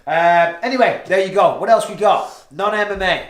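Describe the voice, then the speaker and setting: Guy hosting a podcast, bit high voice, swears and jokes, echoey room. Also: normal speed. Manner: swearing, joking, chatty. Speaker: podcast host. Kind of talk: casual chat. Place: studio room with lighting setup.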